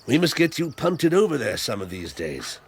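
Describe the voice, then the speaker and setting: A man's voice: mid-range voice, sing-song, moderate pace, a little hiss or hum. An actor playing a hearty, talkative old country squire in a radio drama, rambling and fatherly. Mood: genial. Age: older. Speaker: Squire Hamley. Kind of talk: 1980s radio drama acting.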